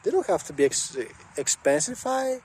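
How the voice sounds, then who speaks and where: A man doing a quick impression of a cheerful, frugal woman who calls herself a nice aunt. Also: high voice, sing-song, a little mellow, breathy edge, voice pushed up, heavily acted, rough recording. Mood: breezy.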